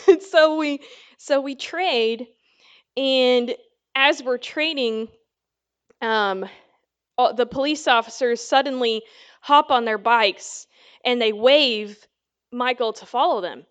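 A woman's voice: a little high, takes it slowly, pauses often, clean tone, lo-fi sound. A woman teaching the Bible in a casual, conversational sermon, telling a story with lots of fillers. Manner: chatty storytelling with many fillers.

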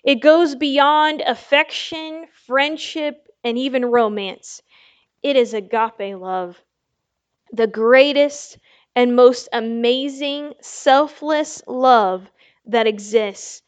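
A woman preaching a sermon, slow and emphatic, asking her listeners "Amen?" between points. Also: sits high, clear, resonant tone.

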